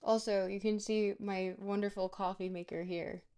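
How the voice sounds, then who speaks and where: A woman streamer in loose, casual chat mode. She rambles, cracks jokes and talks straight to her viewers at a middle pitch. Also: level tone, moderate pace, dark tone, smooth. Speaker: livestream host.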